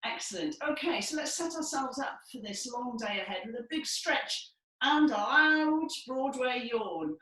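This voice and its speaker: Lively woman leading a vocal warm-up. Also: high voice, a little slow, distant mic. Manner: lively, encouraging, playful. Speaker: dance and movement leader. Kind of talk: guided vocal and breathing warm-up. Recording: echoey room from afar.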